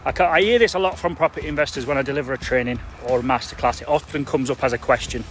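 A man's voice: medium pitch, racing, a bit bright. A man giving a blunt, emphatic live-stream coaching talk to property investors, chatty and full of fillers. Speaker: construction trainer for property investors.

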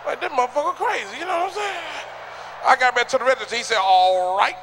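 A male stand-up comedian working a theater crowd, his voice pitched unusually high and ringing bright. He talks rowdy and loud, shouting out punchlines, and his pitch swings widely. A faint hum of the venue sits behind him. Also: expressive, rapid-fire. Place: theater stage.

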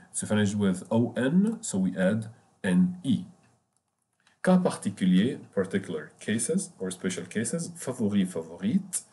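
A man's voice: on the low side, dark tone. Patient man teaching a language lesson. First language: Arabic. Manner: patient, repetitive, spells out words slowly. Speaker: French teacher.

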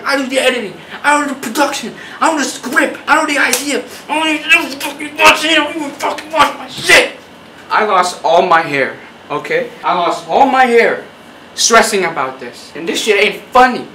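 A man's voice: extremely high pitch, sharp tone, roomy sound, far from the mic, a little hiss or hum, low-quality recording. A man doing a profane, mock-angry comedy rant straight at his viewers. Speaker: YouTube comedian.

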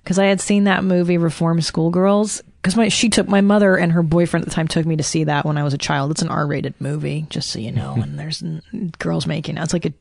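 A woman speaks candidly as a podcast guest, animated and quick to laugh. Her voice is lower-pitched for a woman. The recording is dry and close. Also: creaky, dry recording. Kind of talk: casual podcast conversation.

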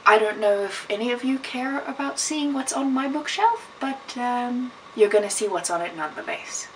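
A woman's voice: a little high, moderate pace, a bit bright. A woman talking casually in a bookshelf tour vlog, chatty and rambling, often correcting herself mid-sentence. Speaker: vlogger. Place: room at home beside a bookshelf. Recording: distant camera mic with faint hiss.

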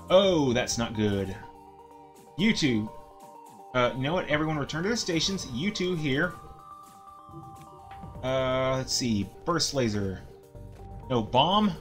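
A man's voice: mid-range voice, lively intonation, slow, long pauses, faint music behind. A man streaming a game live and commenting casually, often stammering and filling gaps with ums and uhs.

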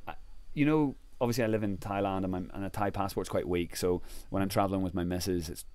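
A man with an Irish accent, a podcast guest telling animated travel stories. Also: deep voice, fast, smooth. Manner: lively, acts out other people's lines in the story. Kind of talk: animated casual storytelling.

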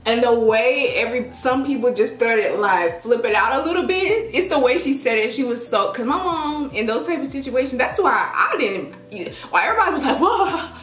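A young woman vlogger telling a story in a casual, dramatic, animated way. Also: on the high side, fairly quick, hardly any pauses. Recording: echoey room with faint music.

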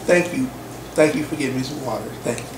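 A woman, a parent, chatting and teasing her kids during a family meal. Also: quick pace. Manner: teasing, playful, low-key. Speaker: parent hosting a family mukbang. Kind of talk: casual family chat while eating. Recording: roomy home recording from a distance with noise.

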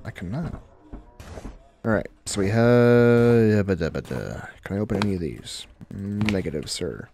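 A man's voice: fairly low pitch, moderate pace, noisy background. Cursing young man playing horror games. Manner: profane, exasperated, talking to himself. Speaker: gaming channel host. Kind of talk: casual horror game commentary.

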